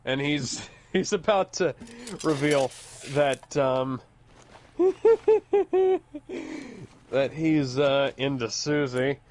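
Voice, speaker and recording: A man's voice: mid-range voice, fairly even intonation, very slow, long pauses, a little hiss or hum. A man chatting casually over a video game playthrough, rambling and laughing at his own jokes. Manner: giggly, rambling and joking. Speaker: game commentator. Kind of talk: casual let's-play chat.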